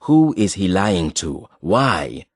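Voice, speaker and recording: A man's voice: low-pitched, big pitch swings, slow pace, dry recording, clean studio sound, exaggerated voice. A man voicing a harsh, scornful woman. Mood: tense. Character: furious, contemptuous woman, hard and accusing. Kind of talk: audiobook character voice.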